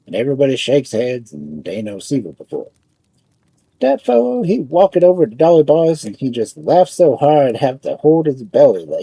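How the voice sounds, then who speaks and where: A man's voice: medium pitch, dark tone, breathy edge, no room sound. A man telling a folk tale, narrating in broken immigrant English. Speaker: storyteller.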